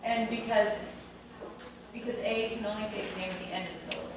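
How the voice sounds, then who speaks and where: A woman in a teacher workshop asking questions in a halting, hesitant way. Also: mid-range voice, fairly even intonation. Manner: hesitant, halting, many ums. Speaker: teacher in training. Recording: echoey room from far off, background noise.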